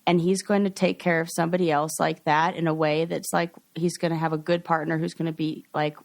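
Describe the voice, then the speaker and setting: A woman's voice: deep voice, little pitch movement, a little fast, gravelly, no room sound, studio quality. A woman co-hosting a podcast in casual chat, reacting effusively and emphatically. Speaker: podcast co-host.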